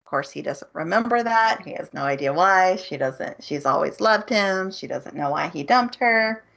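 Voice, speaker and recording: A woman co-hosting a podcast, recapping a show's plot in a casual, animated way and acting out the characters' lines. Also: lowish voice, normal speed, vocal fry. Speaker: podcast co-host. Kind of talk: casual chat. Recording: muffled lo-fi audio.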